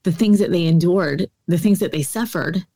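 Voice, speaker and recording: A woman, an author and speaker appearing as a guest on an interview podcast, tells stories earnestly in conversation, using a lot of fillers. Her voice is lowish, dark in tone and slightly rough, at a moderate pace.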